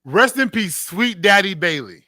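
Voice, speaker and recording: A man's voice: sits high, very animated, measured pace, pushed and bright, no room sound. A man from Western New York hosting a casual radio talk show, telling stories animatedly and laughing often. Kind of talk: casual chat.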